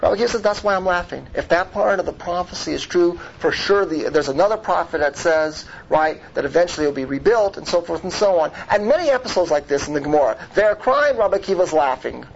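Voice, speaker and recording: A man with a somewhat high voice teaches a Torah class, weaving Hebrew words into his English. He leans on rhetorical questions and keeps checking in with his listeners. The recording sounds muffled and lo-fi, with a faint noise underneath. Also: lively intonation, fast, vocal fry, hardly any pauses. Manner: rhetorical, checks in with "right?" and "okay?"; mixes Hebrew terms into English.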